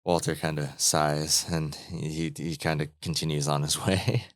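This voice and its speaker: Low-voiced man, wry tabletop player. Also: flat delivery, a little slow, dry recording, studio quality. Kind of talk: playing a tabletop game character.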